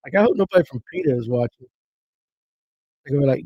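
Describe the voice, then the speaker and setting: A man's voice: on the high side, sing-song, fast, creaky, slightly rough, no room sound, lo-fi sound. A man hosting a casual fishing livestream, reading viewer comments aloud and riffing on them in a folksy, joking way. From Georgia. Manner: joking, rambling, folksy banter.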